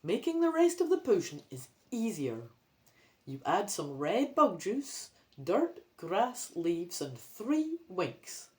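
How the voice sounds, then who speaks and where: A Scottish woman reads a choose-your-own-adventure book aloud and breaks off for playful, self-mocking commentary. Her voice leaps around with very lively intonation. She takes her time, reading at a slow, easy pace. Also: medium pitch. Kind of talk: reading a storybook aloud with chatty asides.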